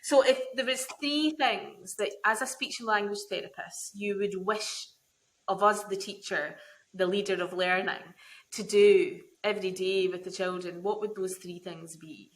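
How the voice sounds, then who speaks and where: A woman's voice: medium pitch, steady tone, measured pace, low-quality recording. A middle-aged woman hosting a podcast, a former teacher asking curious questions. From United Kingdom. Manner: curious questioning, many backchannels. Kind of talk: podcast interview.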